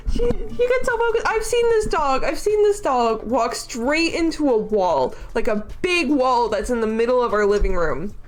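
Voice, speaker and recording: A young woman hosts a casual livestream and rambles freely, with plenty of fillers and giggles. Her voice sits fairly high for a woman. Faint music plays beneath her talk. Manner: giggly, rambling, laughs often. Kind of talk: casual chat stream.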